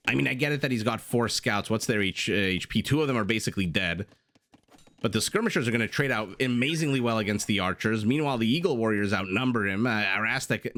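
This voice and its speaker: A man's voice: lowish voice, a bit bright. A young man giving playful, self-deprecating live commentary on a strategy game, with jokey asides. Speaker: game caster.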